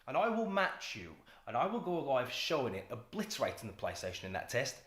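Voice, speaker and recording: A man's voice: medium pitch, big pitch swings, a little fast, fairly bright tone. A man giving opinionated, insistent commentary in a video. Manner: argumentative, insistent. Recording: roomy echo.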